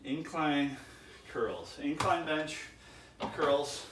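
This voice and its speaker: A vlogger muses aloud to the camera between gym sets, his fairly high voice animated and stretching out words. The echoey gym and distant mic leave background noise behind him.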